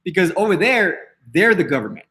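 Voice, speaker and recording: His voice is high, sharp and very animated, and he speaks briskly. The podcast host rambles through a casual rant, dismissive and defiant, swearing freely and frequently breaking off to start again.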